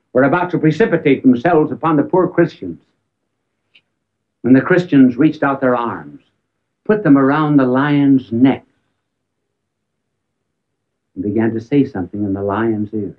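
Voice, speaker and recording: A man of middle pitch telling stories during a talk on public speaking. He swells with emphasis and then drops almost to a hush. The sound is thin and tinny, like an old phone-band recording. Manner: storytelling with emphatic rises and sudden drops to near silence.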